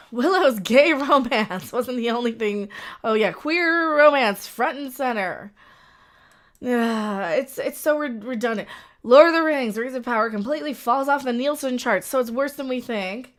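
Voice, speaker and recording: Woman, livestream host, rambling casual chat, laughs often, somewhat high voice. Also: measured pace, fairly bright tone.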